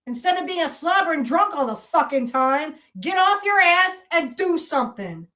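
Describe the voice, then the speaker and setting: A woman's voice: very high voice, animated, normal speed, pushed and bright. A woman hosting a podcast, delivering a heated, profane, accusatory monologue full of repeated rhetorical challenges. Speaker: podcast host. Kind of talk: angry monologue rant.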